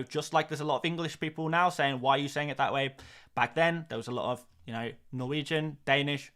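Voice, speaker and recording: A man's voice: medium pitch, fairly bright tone. A man hosting a fantasy football live stream, answering viewer questions in a casual, chatty way with frequent fillers, restarts and repeated phrases.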